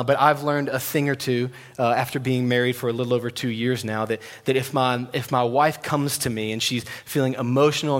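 A young man delivers a sermon in a storytelling way, his voice neither high nor low. He drops to a soft hush when quoting God. The sound rings with the long reverb of a big hall. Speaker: preacher.

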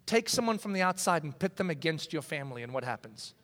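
A man preaching a sermon in a conversational, animated way, acting out quoted voices. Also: sits high, fast talker, hardly any pauses. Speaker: pastor. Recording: long reverb of a large hall.

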